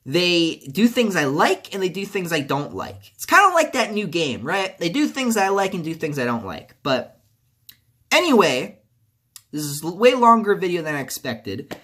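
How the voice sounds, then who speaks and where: A man's voice: high voice, very animated, moderate pace, bright, forceful tone. A man ranting about a video game as a video creator, angry and profane, repeating himself as he vents. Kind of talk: video game commentary rant.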